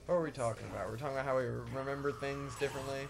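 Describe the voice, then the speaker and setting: A man's voice: mid-range voice, steady tone, very fast, background noise. A man co-hosting a casual gameplay chat, rambling and self-deprecating, swearing and trailing off mid-thought. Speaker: co-host. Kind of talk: casual chat during a game playthrough.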